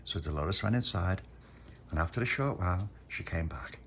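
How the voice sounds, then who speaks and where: Animated storyteller man. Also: sits low, normal speed, vocal fry, a little hiss or hum. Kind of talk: bedtime story narration.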